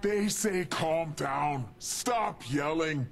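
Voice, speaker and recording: A man's voice: a little high, extremely slow, creaky, faint music behind, heavily acted. An actor playing a huge, angry male super mutant who speaks in broken sentences and refers to himself in the third person. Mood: furious, desperate. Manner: broken speech, referring to self in third person, shouting bursts. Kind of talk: video game dialogue.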